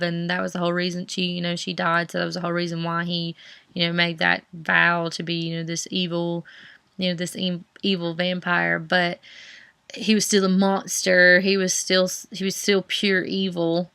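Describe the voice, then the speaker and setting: Gravelly-voiced woman chatting about books. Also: fairly low pitch, pushed and bright, no room sound. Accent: Southern US. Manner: rambling, many fillers and restarts. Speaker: book vlogger. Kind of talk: casual chat.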